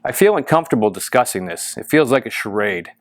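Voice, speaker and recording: A man's voice: medium pitch, sing-song, quick pace, no echo, close to an everyday voice. A man reading the lines of a skeptical male computer scientist on a phone call, wary and dismissive.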